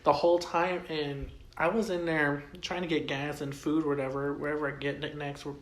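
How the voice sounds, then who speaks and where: A man co-hosting a podcast, telling stories in a casual chat, animated, laughing often and swearing freely. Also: on the high side, brisk. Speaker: podcast co-host.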